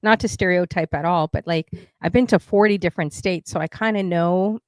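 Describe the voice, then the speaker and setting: A woman's voice: fairly low pitch, fairly quick, no echo. A woman from Canada hosting a casual chat, talking in a playful way and laughing often. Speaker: host.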